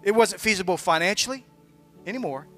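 High-voiced man preaching a fervent sermon. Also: expressive, a little fast, a bit bright, faint music behind. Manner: emphatic, building to fervent exhortation with repeated restarts. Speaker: visiting pastor.

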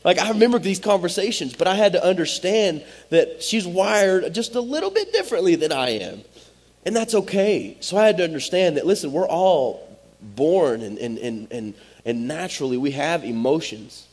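Guy preaching, husky voice, talks straight to the room. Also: fairly high pitch, very animated, moderate pace, darkish tone. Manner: direct, conversational, Southern-tinged "y'all" asides. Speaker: pastor. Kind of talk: sermon.

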